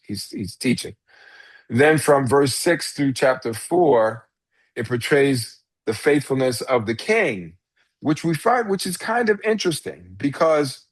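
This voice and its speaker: A man's voice: mid-range voice, no echo. A pastor giving an informal Bible class lecture, talking conversationally and restarting phrases as he explains. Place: church classroom.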